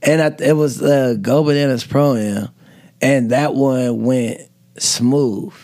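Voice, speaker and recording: A man's voice: mid-range voice, fairly even intonation, slow pace, mellow. A young man, a comedian guest, telling a story in casual chat with lots of laughs and restarts. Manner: rambling, laughing, fillers and restarts.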